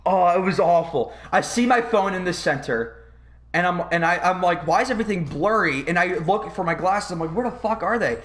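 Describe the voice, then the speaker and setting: A young man hosting a podcast, telling a long story in a rambling, profane, animated way. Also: high-pitched, brisk. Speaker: podcast host. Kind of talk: casual storytelling.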